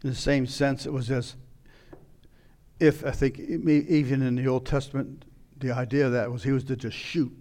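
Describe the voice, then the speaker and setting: A man preaching a sermon, retelling a scripture story and acting out its scenes with sudden loud outbursts. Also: mid-range voice, fairly even intonation, normal speed. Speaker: pastor.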